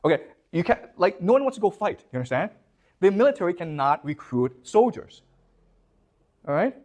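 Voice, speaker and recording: A lecturer speaks to his class at a moderate pace, his high-pitched voice sing-song and a little mellow. He asks the students questions and keeps checking in with "okay? you understand?"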